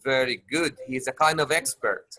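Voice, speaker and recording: A man's voice: medium pitch, normal speed, sharp tone, no room sound. A male teacher leading an online class discussion, who keeps rephrasing his questions with plenty of filler uhs and calls his students love. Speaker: English teacher.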